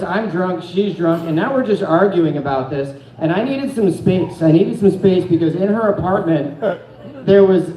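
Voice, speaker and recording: A man's voice: high voice, echoey room, highs cut off. A young man from Phoenix doing stand-up storytelling, rambling and profane, with a self-deprecating streak, on a comedy club stage. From Phoenix, Arizona.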